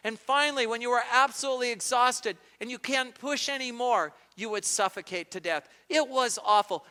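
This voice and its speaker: A man delivers a sermon as pastor, his voice sitting high and sounding bright and forceful. He retells scripture dramatically, acting out the voices of the people in the story. The sound carries a long reverb from a large church hall. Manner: dramatic retelling with acted quotes.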